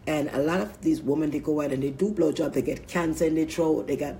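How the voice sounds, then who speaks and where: A woman's voice: sits low, steady tone, fast talker, warm tone, slight background noise. A woman vlogger talking in a rambling, crude casual monologue, often laughing mid-sentence.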